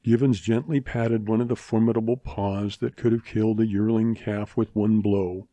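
A man narrating a western short story in a measured, expressive audiobook reading. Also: lowish voice, no room sound.

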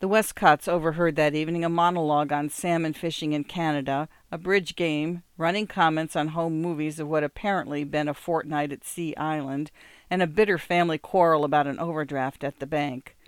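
A calm audiobook narrator with a smooth, polished voice and a steady, measured delivery. The recording is close and dry, with no room sound. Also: medium pitch, dry recording.

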